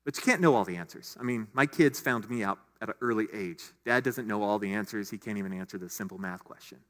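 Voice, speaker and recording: A man's voice: lowish voice, fast, a bit bright. A middle-aged male pastor giving a conversational sermon, full of casual asides and restarts. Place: church sanctuary. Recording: long hall reverb.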